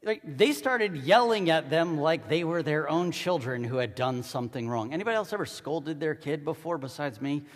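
Guy preaching in a church, high lively voice that jumps all over, big echoey hall. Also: normal speed, hardly any pauses. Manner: animated preaching that swings between hushed and shouted. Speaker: pastor. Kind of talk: sermon. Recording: long reverb of a large hall.

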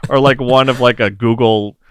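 A young father co-hosting a podcast, wry, his pitch jumping up when he gets exasperated. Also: steady tone, moderate pace, a bit bright, clear, resonant tone, no room sound, clean studio sound. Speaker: podcast co-host. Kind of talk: casual podcast chat.

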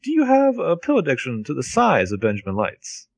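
A man's voice: a little high, huge pitch swings, a little fast, dry recording. Wry man with a dry, close sound. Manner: wry, sarcastic storyteller. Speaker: podcast co-host. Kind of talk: casual TV recap chat.

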